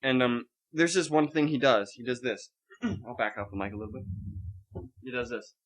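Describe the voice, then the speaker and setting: Medium in pitch and moderate in pace, this young man co-hosts a podcast and tells a story in casual conversation. He's rambling and animated, swears heavily, and acts out the scenes.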